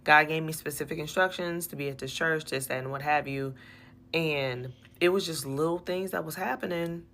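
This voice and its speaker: A woman with a low, gravelly voice tells an exasperated story about her church. She talks with animation and circles back over her points. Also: moderate pace. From USA. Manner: animated, exasperated, repeats herself. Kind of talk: personal storytelling.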